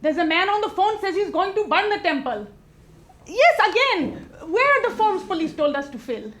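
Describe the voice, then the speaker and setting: A woman's voice: extremely high pitch, big pitch swings, moderate pace, a bit bright, exaggerated voice. A woman playing a chatty older temple lady with a foreign accent, who halts with many fillers and mothers the caller on the phone in a live comedy monologue. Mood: flustered. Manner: patient, motherly, talks to the caller like a nosy aunt.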